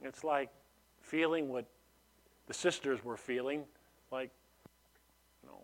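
A man's voice: medium pitch, slow, pauses often. A man preaching a sermon in a conversational way, often restarting phrases and adding "you know" as he explains a passage. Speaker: pastor.

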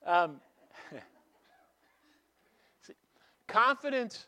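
A man preaching a sermon in a conversational way, asking rhetorical questions and swinging between emphatic and hushed delivery. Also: very high voice, lively intonation, drawn-out words.

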